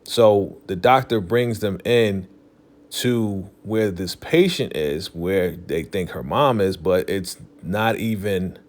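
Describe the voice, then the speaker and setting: Deep-voiced man casually recapping a show. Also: slow pace. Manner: loose, filler-heavy retelling, leans on "definitely" and "you know". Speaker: TV recap vlogger.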